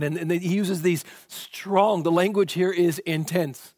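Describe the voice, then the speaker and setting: A pastor preaching a sermon, asking rhetorical questions and swinging from loud emphasis to hushed tones. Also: male voice, sits high, steady tone, unhurried, dry recording, studio quality.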